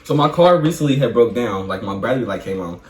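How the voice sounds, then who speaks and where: A man's voice: mid-range voice, quick pace. Laid-back young man in an echoey room. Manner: relaxed, slangy, laughing as he tells it. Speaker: co-host, vlog guest. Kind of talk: casual storytelling. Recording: echoey room with faint hum.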